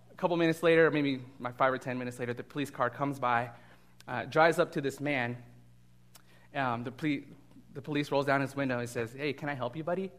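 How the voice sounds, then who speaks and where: A man preaching a casual, animated sermon as a guest pastor, with frequent fillers and restarts. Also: mid-range voice.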